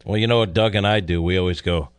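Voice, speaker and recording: A man's voice: deep voice, fast, smooth, no echo, faint music behind. A man with a faint New York twang co-hosting a radio show, joking in casual banter. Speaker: radio co-host.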